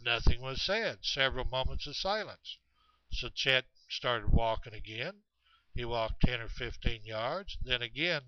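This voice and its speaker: A man spins a rambling outdoors story at an unhurried crawl, stopping often with fillers and restarting his sentences. His voice is bright and smooth. The recording is dry and a little dull. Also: medium pitch, dry recording. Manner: slow, halting, many fillers and restarts. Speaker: storyteller of Bigfoot encounters.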